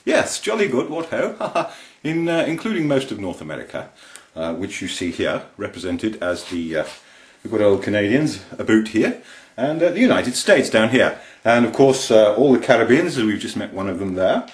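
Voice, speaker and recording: A man playing a pompous upper-class English colonial gentleman with a posh English accent. He talks in a halting, self-satisfied way. The sound is roomy and echoey. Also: fairly low pitch, big pitch swings. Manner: pompous, hesitant. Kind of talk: comic accent impression. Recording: roomy echo.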